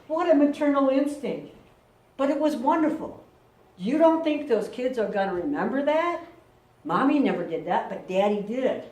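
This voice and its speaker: A middle-aged woman pastor preaching a lively, conversational sermon and acting out quotes. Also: a little high, a little slow, pauses often. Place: church sanctuary. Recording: echoey room, mic from far off.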